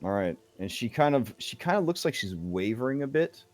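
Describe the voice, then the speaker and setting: A man narrating as game master of a tabletop game in a relaxed, filler-heavy way. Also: mid-range voice, fairly quick, soft background music.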